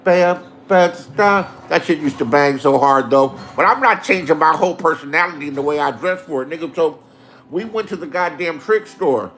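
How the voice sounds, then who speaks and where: A middle-aged man spins stories from his youth, swearing freely and getting animated. His voice sits a little high for a man. He sounds like he is talking casually with friends. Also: a little fast. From Inglewood, Los Angeles. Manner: profane, animated street storytelling. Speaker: host telling stories. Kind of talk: casual storytelling.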